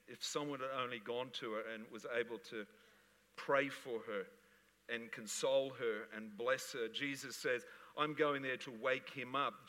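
Animated preacher man in a reverberant church. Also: medium pitch. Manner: animated preaching with jokes and laughter. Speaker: pastor. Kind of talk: sermon. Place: church hall.

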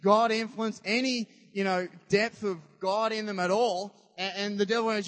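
A man preaches in a lively, chatty way, throwing questions out to the congregation. His voice sits high for a man. It rings with a long reverb from the church hall he speaks in. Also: normal speed, hardly any pauses. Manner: animated, conversational, quizzes the congregation. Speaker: pastor. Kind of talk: sermon.

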